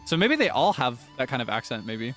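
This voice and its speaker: A man's voice: mid-range voice, very animated, a little fast, fairly bright tone, faint music behind. Chatty, giggly male game streamer. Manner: chatty, self-deprecating, giggly. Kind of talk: casual gameplay commentary.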